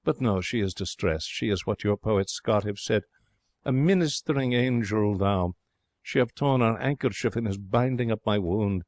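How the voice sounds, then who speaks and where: A man reading an audiobook, voicing an excitable, romantic young Frenchman who tells his tale in broken English. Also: lowish voice, normal speed, no echo, lightly acted. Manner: theatrical, broken English phrasing. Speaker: audiobook narrator.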